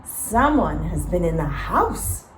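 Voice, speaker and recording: A woman's voice: fairly low pitch, sing-song, takes it slowly, distant mic, a little hiss or hum. A woman voicing a stern father bear who growls and roars his lines, in a storybook reading. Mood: gruff. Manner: growling, exclaiming. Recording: echoey room.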